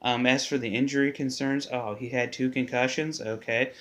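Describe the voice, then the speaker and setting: A man's voice: medium pitch, steady tone, moderate pace, fairly bright tone. A man hosting his own sports podcast from his basement, talking casually and bluntly, swearing and muttering to himself as he fiddles with his setup. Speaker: podcast host. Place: home basement.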